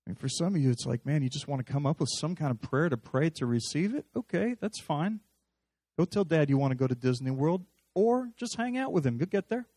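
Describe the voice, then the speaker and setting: Male preacher, slightly high voice, dry close sound, animated and chatty, acts out scenes. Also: brisk, no echo. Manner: animated, conversational, acts out dialogue. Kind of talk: sermon.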